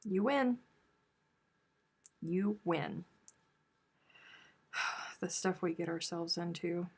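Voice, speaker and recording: A husky woman with a fairly low voice speaks slowly and flatly as she hosts a relaxed crochet livestream. She reads viewer comments aloud and chats with them playfully, dropping drawling Southern turns of phrase.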